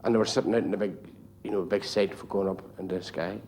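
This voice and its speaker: A man's voice: low voice, steady tone, quick pace, a little mellow, a little hiss or hum. An Irish man telling jokes in a live stand-up set, in a chatty, rambling way. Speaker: stand-up comedian.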